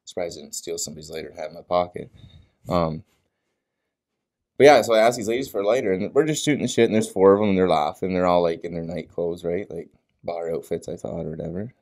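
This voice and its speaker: A man's voice: low-pitched, quick pace, a little mellow. A man with a small-town Ontario accent chatting casually on a podcast, laid-back and swearing often. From small-town Ontario, Canada. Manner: laid-back, swears a lot, says bro. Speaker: podcast co-host. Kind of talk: casual chat.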